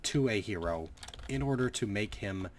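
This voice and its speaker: A man's voice: on the low side, lively intonation, moderate pace, a little hiss or hum. A man giving casual, rambling gameplay commentary, sarcastic and swearing freely. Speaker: gaming commentator.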